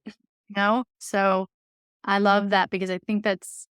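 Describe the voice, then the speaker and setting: A woman's voice: mid-range voice, flat delivery, unhurried, smooth, no echo, clean studio sound. A woman guest on a podcast, explaining ideas in an earnest, encouraging way. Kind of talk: casual conversation.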